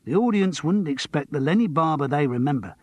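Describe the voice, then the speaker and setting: A man's voice: a little high, animated, fairly quick, dry recording, voice pushed up. A man voicing a stubborn male comedian who speaks bluntly and plainly.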